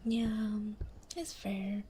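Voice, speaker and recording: A woman ASMR streamer chats to her viewers in a soft, breathy whisper, playful and quick to giggle. Her voice sits close on a binaural mic, and the stream audio carries clear noise and clicks. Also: fairly high pitch, lively intonation. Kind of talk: whispered casual chat on a live stream. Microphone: binaural and condenser studio mics.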